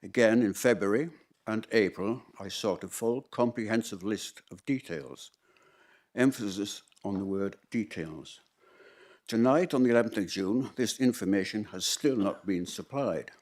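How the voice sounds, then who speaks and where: A man's voice: fairly low pitch, moderate pace, darkish tone. A man from the public putting pointed, insistent questions to a council during question time. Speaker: member of the public asking questions.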